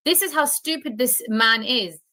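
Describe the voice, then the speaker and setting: Indignant British woman, bright voice. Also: fairly high pitch, moderate pace. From United Kingdom. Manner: indignant, scornful, insulting. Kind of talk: heated reaction commentary.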